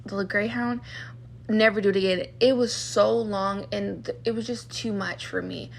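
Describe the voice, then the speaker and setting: A woman's voice: medium pitch, steady tone, normal speed, creaky, a little hiss or hum. A young woman vlogger talking in a casual storytime rant, exasperated, full of "like", acting out what other people said to her.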